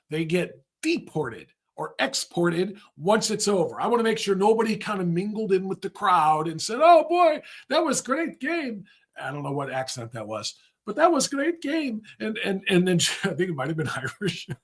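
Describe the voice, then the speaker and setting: A man's voice: high-pitched, a bit bright. A middle-aged man hosting a livestream, giving rambling, sarcastic political commentary. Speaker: host.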